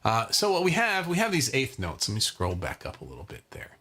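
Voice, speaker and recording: A man teaching a live online guitar lesson in a relaxed, chatty way, counting beats aloud as he strums. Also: medium pitch, fairly quick. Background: acoustic guitar strumming.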